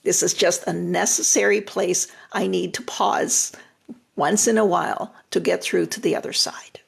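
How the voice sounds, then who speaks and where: An older woman with a deeply gravelly, husky voice gives relationship advice on a live stream. She talks directly and reassuringly, often repeating a phrase for emphasis. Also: steady tone, normal speed. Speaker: retired relationship therapist giving advice.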